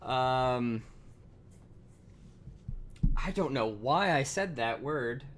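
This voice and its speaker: A man talks slowly through his code on a live stream, wandering through fillers and corrections as he goes. His voice sits at an ordinary middle pitch. Faint keyboard typing clicks behind him. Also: expressive, fairly bright tone, a little hiss or hum. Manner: thinks aloud, rambling with fillers and self-corrections; swears casually and laughs at himself. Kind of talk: casual live coding stream talk.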